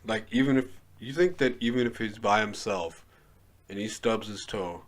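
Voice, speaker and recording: A young man hosting a casual podcast chat, giggling often and bursting into loud quoted lines. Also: fairly low pitch, normal speed. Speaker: podcast host.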